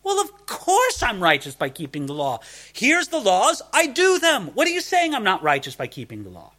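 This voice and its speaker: A man's voice: high voice, huge pitch swings, moderate pace, bright, forceful tone, voice pushed up, heavily acted. A man voicing a self-righteous young male zealot, indignant and sure of himself.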